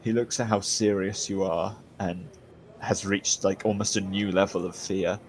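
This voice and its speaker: A man narrating scenes as dungeon master in a relaxed, descriptive way. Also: sits low, moderate pace, slight background noise. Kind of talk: narrating a tabletop game.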